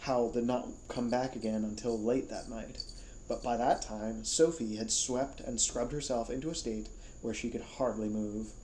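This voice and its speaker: A man reading a novel aloud as a storyteller, calm and even. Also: mid-range voice, normal speed, echoey room, a little hiss or hum, rough recording. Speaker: storybook reader.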